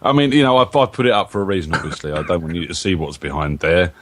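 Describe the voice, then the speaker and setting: English male panelist, very low voice, wry humor, dry sound. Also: fast, no echo. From England. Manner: wry, joking. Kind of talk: casual webcast banter.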